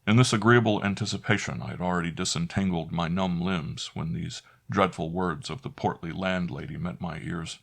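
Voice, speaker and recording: A man narrating a classic horror story in first person, measured and dramatic. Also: sits low, steady tone, gravelly.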